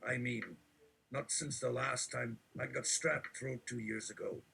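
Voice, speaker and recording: A man reading absurd text aloud in a deadpan, mock-preachy delivery, with a gravelly voice. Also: medium pitch, a little slow, a little hiss or hum, rough recording.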